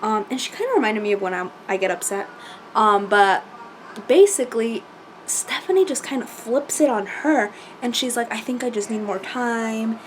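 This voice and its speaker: A woman chatting casually as she recaps a reality show, animated and full of fillers and quoted asides. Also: on the high side, normal speed, a little hiss or hum.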